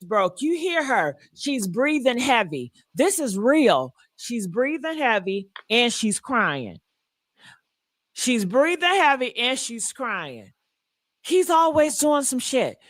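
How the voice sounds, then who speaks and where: Emphatic woman, high voice, dry sound. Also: big pitch swings, slow pace, dry recording. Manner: emphatic, repeats lines for emphasis. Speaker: co-host of a gossip livestream. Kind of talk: casual commentary.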